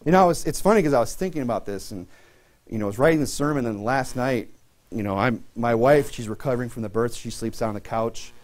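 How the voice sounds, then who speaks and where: A man's voice: medium pitch, quick pace. A man in his thirties preaching a sermon in a casual, conversational way, full of fillers and restarts. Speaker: pastor.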